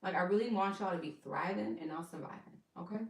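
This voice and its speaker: A woman's voice: fairly low pitch, quick pace, vocal fry, roomy sound, distant mic, rough recording. A young adult woman giving casual wellness advice to her viewers in a chatty, rambling way, calling them y'all. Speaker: wellness vlogger.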